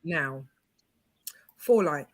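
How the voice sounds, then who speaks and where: A woman's voice: deep voice, expressive, drawn-out words. Firm mother giving her view. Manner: firm, opinionated, speaks as a mother. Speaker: panel guest. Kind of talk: casual panel discussion.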